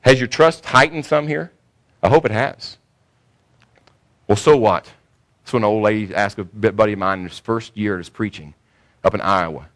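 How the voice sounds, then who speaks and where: A man's voice: fairly low pitch, moderate pace, long pauses, a bit bright. A man preaching a sermon to a congregation, emphatic, repeating key points and asking rhetorical questions. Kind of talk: sermon teaching.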